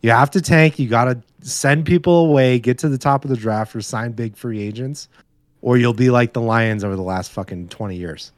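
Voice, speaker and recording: A man's voice: medium pitch, moderate pace, no room sound, studio quality. A young man, co-host of a podcast, chatting bluntly and casually about sports and his weekend, swearing freely.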